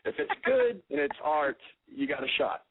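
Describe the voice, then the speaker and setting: A man's voice: on the high side, sing-song, normal speed, slightly rough. A man from Texas with a Southern accent, chatting as a guest on a radio interview, laid-back and joking, swearing casually. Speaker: guest musician. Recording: tinny phone line.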